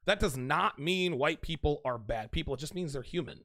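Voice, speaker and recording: A man with a somewhat high voice lectures his audience directly as host of his own show. He is emphatic and forceful, and he hammers his points home by saying them twice. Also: lively intonation, normal speed. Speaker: podcast host. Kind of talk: direct-to-camera advice monologue.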